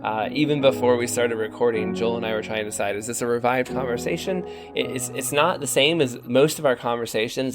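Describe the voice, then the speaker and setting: A young man co-hosting a podcast, talking casually and chattily with fillers and restarts. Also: mid-range voice. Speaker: podcast co-host.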